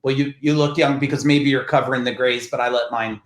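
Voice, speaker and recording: A middle-aged man from New Jersey with a New Jersey accent, a podcast guest telling business stories in a blunt, profane, animated way. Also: medium pitch, brisk, reverberant. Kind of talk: casual podcast storytelling.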